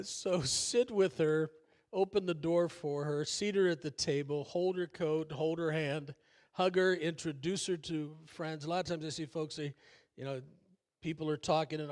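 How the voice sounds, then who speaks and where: Preaching in a church sanctuary, an older man serving as pastor speaks with a steady tone at a measured pace, his voice a bit higher than typical for a man. The sermon feels folksy and conversational, sprinkled with fillers and wry jokes about himself.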